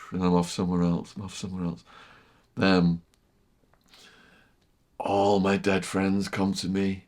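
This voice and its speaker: A middle-aged man telling a vivid story as a podcast guest, repeating phrases and sinking to a hushed near-whisper at tense moments. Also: on the low side, normal speed, gravelly. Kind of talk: storytelling in casual chat.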